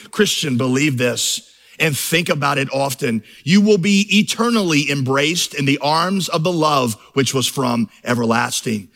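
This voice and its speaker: Middle-aged guy preaching, bit high-pitched, storytelling then climbing into big fervent runs. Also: a little slow, fairly bright tone. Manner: storytelling, building to fervent crescendos. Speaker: pastor. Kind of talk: sermon.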